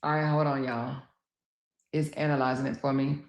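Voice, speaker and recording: A woman's voice: extremely low pitch, flat delivery, normal speed. A woman hosting a casual livestream, talking straight to her viewers and laughing easily. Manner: chatty, addresses viewers directly. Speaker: livestream host.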